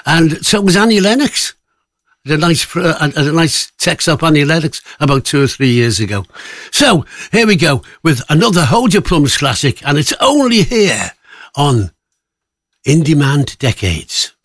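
A man's voice: fairly high pitch, big pitch swings, normal speed, a bit bright, no echo. Jokey radio presenter man. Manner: jokey, rambling, laughs often. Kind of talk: casual radio chat.

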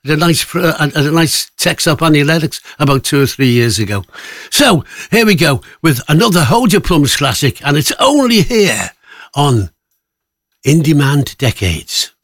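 Chatty radio host. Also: male voice, on the high side, very animated, moderate pace, a bit bright, dry recording, clean studio sound. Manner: rambling, jokey, lots of fillers and restarts. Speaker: radio presenter. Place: radio studio.

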